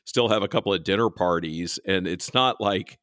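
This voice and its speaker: A man co-hosting a podcast in casual chat, animated and leaping up in pitch to make points. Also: normal speed, no room sound, studio quality. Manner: animated, jumps up in pitch for emphasis. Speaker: podcast co-host.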